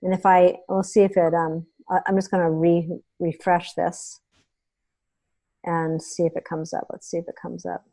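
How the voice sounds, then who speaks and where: A woman's voice: on the low side, flat delivery, moderate pace, gravelly, mellow. Chatty woman walking through a tutorial. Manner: chatty and instructive, checks in with "okay?". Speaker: meeting host. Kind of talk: hands-on software tutorial.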